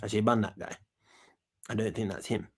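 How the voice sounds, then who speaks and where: A man's voice: fairly low pitch, steady tone, a little fast, a little mellow, breathy edge. Brash rambling man hosting. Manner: brash slang-heavy rambling, repeats himself. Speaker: talk show host. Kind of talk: comedic talk show sketch.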